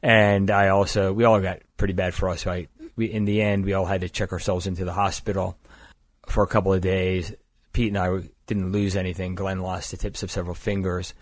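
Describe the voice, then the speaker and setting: An older man from the East Coast of the United States tells his story in a steady, matter-of-fact way, his voice sitting low. He is recorded up close and dry, with no room sound, as a guest at a podcast table. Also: brisk, no echo. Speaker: guest, climbing gear company founder. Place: indoors across a table.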